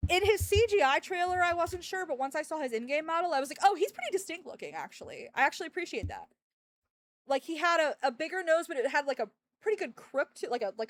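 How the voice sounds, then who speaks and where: High-pitched and recorded with no room sound, a woman streamer hangs out with her viewers in casual live-stream chat. She wanders from topic to topic, cracks jokes, and breaks off to talk to her dogs.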